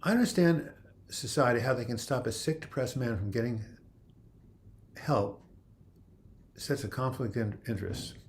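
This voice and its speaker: Reading comments from his viewers, this man responds in a casual, meandering way full of "you know" and false starts. His voice is medium in pitch, his speed normal, and he leaves long pauses.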